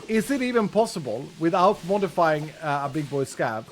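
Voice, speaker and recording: A man's voice: a little high, big pitch swings, normal speed, faint music behind. A man chatting casually and tiredly to viewers while streaming a game, joking and thinking aloud. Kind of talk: casual gaming livestream chat.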